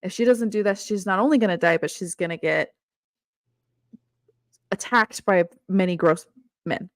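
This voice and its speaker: A woman co-hosting a casual book discussion, animated, laughing often and acting out the characters' lines. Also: medium pitch, normal speed, no echo, studio quality. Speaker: book club co-host.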